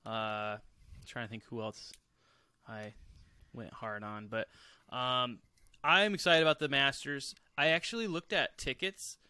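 A man co-hosting a sports podcast, speaking in a relaxed, explanatory way with plenty of filler pauses. His voice is very bright and the recording is dry and close. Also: mid-range voice, clear, resonant tone, no echo. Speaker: podcast co-host. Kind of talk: casual sports podcast chat.

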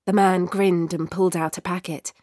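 A woman narrating a short story in a measured, expressive way. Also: lowish voice, no room sound, studio quality.

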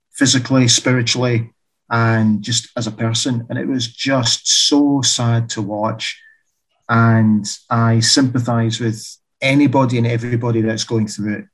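A man speaks as an author in a relaxed interview, with a husky edge to his voice. He tells long anecdotes and laughs as he goes. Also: mid-range voice, low-quality recording. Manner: chatty storyteller, laughs while telling anecdotes. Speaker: author and guest. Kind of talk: casual interview chat.

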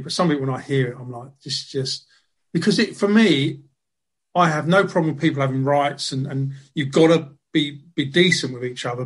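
A male host talking quickly and animatedly in a casual conversation. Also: fairly high pitch, husky. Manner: quick, animated, swearing freely.

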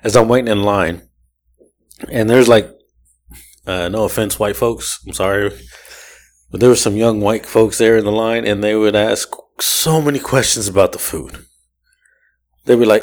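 The podcast host, a man whose voice sits fairly low, spins a meandering, animated tale in a relaxed setting. Profanity flows easily, laughter punctuates his lines, and he mimics the people he ran into.

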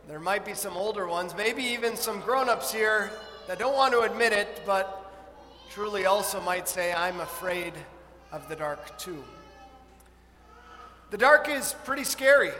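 High, bright-voiced pastor preaching in a hall. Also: male voice. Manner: animated storytelling, acting out a scared child. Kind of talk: sermon. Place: church.

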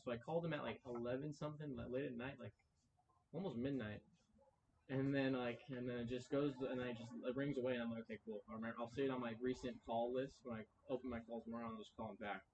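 A man's voice: medium pitch, lo-fi sound, slight background noise. A young man telling a long story in casual podcast chat, rambling, with many "like"s and acted-out quotes. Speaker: podcast co-host.

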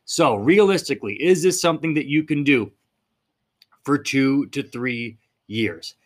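A man's voice: medium pitch, lively intonation, measured pace. A man hosting a fitness podcast in a blunt, fired-up monologue, swearing casually as he talks.

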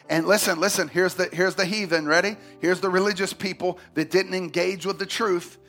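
A man preaching a sermon as pastor, swinging from loud, fervent emphasis to quiet asides. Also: sits high, steady tone, fairly quick, hardly any pauses, soft background music.

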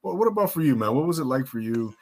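A man hosting a podcast, asking his guest questions in a relaxed, friendly way with frequent restarts. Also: medium pitch, fast. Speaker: podcast host. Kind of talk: casual interview chat.

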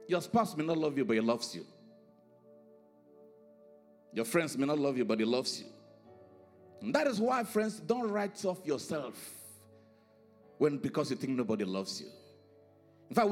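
A man preaching a sermon in a high, bright voice that rises into sing-song emphasis and drops to quiet, low lines. He leans on repeated phrases. Faint music plays softly behind him. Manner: preaching with sudden swings in pitch and volume, sing-song emphasis. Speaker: pastor.

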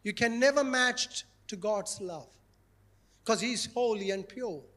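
Male pastor with a very high voice, playful, lively sermon delivery. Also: measured pace. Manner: animated, playful, repeats key phrases.

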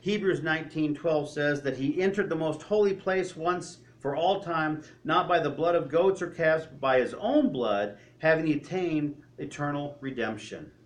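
Preacher, male, slightly higher pitch, storytelling sermon with rhetorical questions. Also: moderate pace, few pauses. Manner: drops to a quiet, low voice for solemn moments.

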